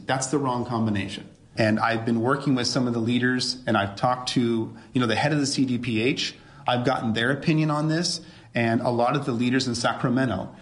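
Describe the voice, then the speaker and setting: Emphatic middle-aged man, echoey room. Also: medium pitch. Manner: emphatic, rhetorical questions. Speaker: ER doctor.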